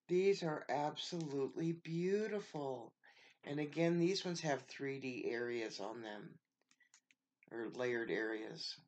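A woman's voice: a bass voice, slow, a little mellow. A woman from the United States, a craft vlogger, opening a package in a casual show-and-tell and gushing with thanks over every piece.

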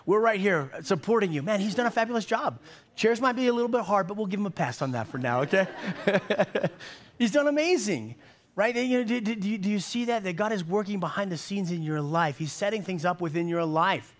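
Pastor guy preaching in church, kinda high voice, folksy, keeps stumbling and repeating words. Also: expressive, brisk. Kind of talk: sermon.

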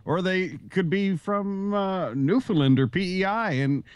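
Man from canada, caller, dry joking delivery, slightly high voice, dead dry sound. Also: unhurried, smooth, dry recording. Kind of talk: casual call-in chat.

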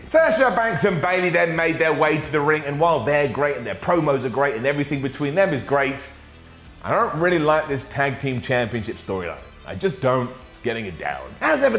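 A British man recaps a show with a sarcastic, joking delivery, his voice a little high and swinging widely in pitch. The room is echoey, with faint music underneath. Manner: sarcastic, jokey, full of acted quotes. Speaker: wrestling show reviewer.

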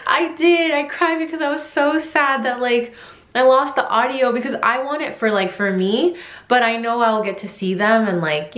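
Young female vlogger, mid-pitched and chatty, recorded in an echoey room. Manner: chatty, rambling, excitable. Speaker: English teacher and vlogger. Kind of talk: casual reaction vlog.

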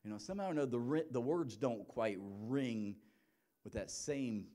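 Conversational pastor preaching. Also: male voice, medium pitch, moderate pace. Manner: conversational preaching, many restarts, swings between soft and emphatic. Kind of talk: sermon.

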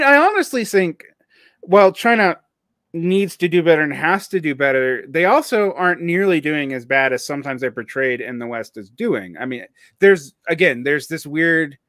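A man with a Southern US accent hosts the conversation in a fairly high voice. He talks casually and rambles, with plenty of fillers and restarts. The sound is dry and close. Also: a bit bright, no room sound. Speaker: podcast host.

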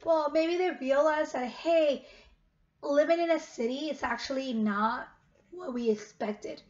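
Woman, children's read-aloud, gently questioning, high voice, muffled recording. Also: a little slow. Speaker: teacher reading aloud.

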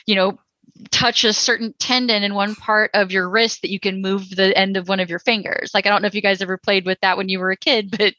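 Chatty texan-born woman on a podcast, bright voice, dry dull mic, lots of likes and you-know-what-i-means. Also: mid-range voice, little pitch movement, brisk, no echo. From Texas. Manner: chatty, many fillers, opinionated. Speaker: podcast co-host. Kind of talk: casual podcast discussion.

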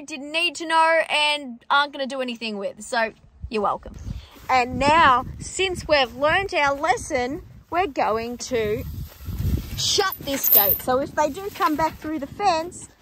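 A woman's voice: on the high side, pushed and bright, poor audio. A young Australian woman farmer talking casually outdoors on her farm, chatty and wry, now and then exasperated as she calls out to the sheep. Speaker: farmer vlogger. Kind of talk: casual vlog narration.

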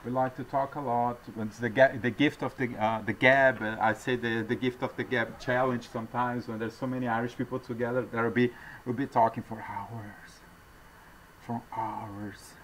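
Rambling, halting man from Argentina. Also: mid-range voice, flat delivery, a bit bright, slight background noise. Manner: rambling, halting speech with many restarts; acts out quoted voices. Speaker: traveling salesman. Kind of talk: casual interview storytelling.

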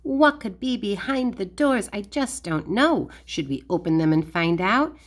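A woman hosting a kids' learning video, giving a playful toy demonstration for toddlers in a slow, clear, sing-song way. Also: medium pitch, sing-song.

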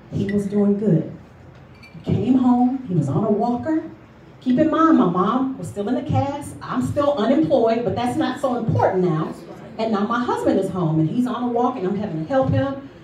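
A woman giving a lively motivational speech at a luncheon, telling her story and calling for responses from the audience. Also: fairly high pitch, a little hiss or hum. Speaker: motivational speaker. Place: event hall at a luncheon. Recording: echoey hall recorded from far off.

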